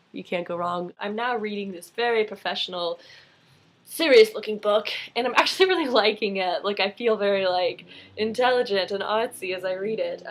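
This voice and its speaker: A young woman from Colorado chatting casually to camera in a home vlog, bubbly and gushing with quick asides. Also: mid-range voice. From Colorado, United States. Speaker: vlogger. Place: home bedroom.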